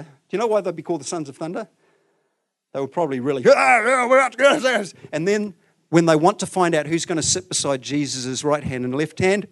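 A man preaching a conversational sermon, asking his listeners questions and swinging between loud, emphatic stretches and quiet, low ones.

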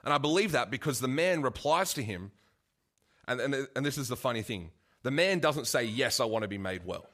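A man's voice: mid-range voice, animated, a little fast, a bit bright. A man preaching a casual, conversational sermon, full of asides and restarts.

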